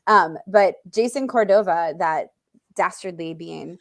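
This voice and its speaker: A woman's voice: lowish voice, unhurried, creaky. A woman co-hosting a podcast in casual chat, candid and swearing freely. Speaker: podcast co-host.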